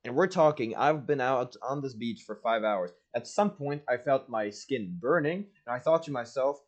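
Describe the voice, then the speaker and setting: A young man streaming, telling a story casually and animatedly, jumping between loud bursts and low asides, full of "like". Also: animated, normal speed. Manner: casual, peppered with "like" and "blah, blah".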